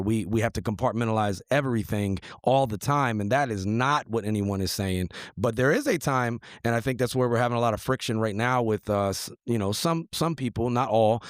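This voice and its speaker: A man's voice: medium pitch, no room sound, studio quality. A man hosting an interview conversation, speaking in an earnest, emphatic way. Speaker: host.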